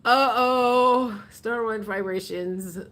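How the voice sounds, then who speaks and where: A woman's voice: on the high side, slow pace, a bit bright. Chatty woman hosting a tarot livestream. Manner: chatty, laughs often, reads comments aloud. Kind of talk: casual livestream chat, reading viewer comments.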